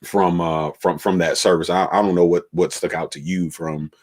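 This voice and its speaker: Pastor guy with a really low voice, chatting back through the early days, lots of ums and restarts. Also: moderate pace. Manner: relaxed, many fillers and restarts. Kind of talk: reflective conversational storytelling.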